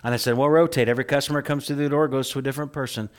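A man preaching a sermon as pastor, talking with the congregation and swinging between loud emphatic lines and soft hushed ones. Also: mid-range voice, steady tone, very fast. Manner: conversational, asks the congregation "right?".

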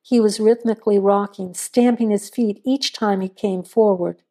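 A woman narrating a suspense story in a measured, suspenseful reading. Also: mid-range voice, steady tone, mellow.

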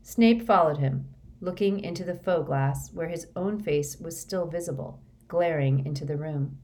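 A woman reading a story aloud as narrator, in a steady, measured way. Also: low voice. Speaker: audiobook reader.

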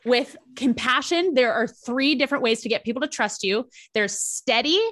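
Expressive woman coach, a bit high-pitched, lively delivery. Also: normal speed. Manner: lively, animated, dramatic. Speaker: charisma coach. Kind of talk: podcast interview explanation.

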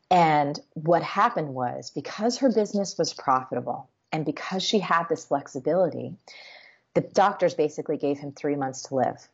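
A woman hosting a show and telling stories in an animated, chatty way, acting out quotes as she goes. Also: low-pitched, slightly rough. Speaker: show host and business coach. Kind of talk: conversational storytelling. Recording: slightly muffled lo-fi audio.

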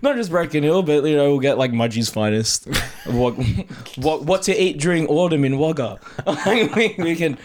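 A man's voice: on the high side, normal speed. A young Australian man co-hosting a podcast, chatting casually with a friend, swearing freely and joking. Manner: swears freely, jokey and animated. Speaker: podcast co-host. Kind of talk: casual chat.

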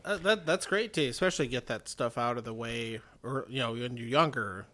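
A man's voice: mid-range voice, fairly quick, bright, forceful tone. A man chatting casually in a rambling way, leaning on "you know" and moving the talk to new topics. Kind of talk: casual chat.

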